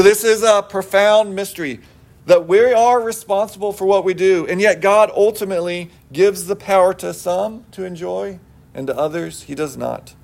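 High-voiced male pastor preaching conversationally. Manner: earnest, conversational preaching with personal stories. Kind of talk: sermon.

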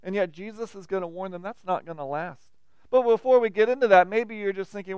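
A man preaching a sermon as pastor, animated and acting out the reactions of the people he quotes. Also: high-pitched, brisk, smooth, dry recording.

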